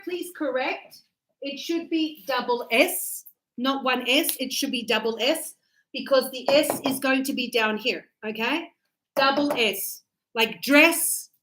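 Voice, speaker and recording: A woman's voice: high voice, sharp tone, low-quality recording. A woman teaching English pronunciation to a class, explaining step by step, repeating words and checking that students follow.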